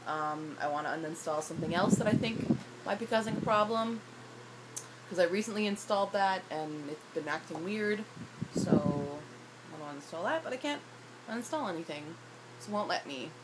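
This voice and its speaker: A young woman vlogging, frustrated and rambling, her voice hoarse from a night of shouting, recorded on a phone. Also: fairly low pitch, lively intonation, moderate pace. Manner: frustrated, rambling, self-deprecating. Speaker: YouTuber. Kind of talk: casual vlog rant. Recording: loud background noise.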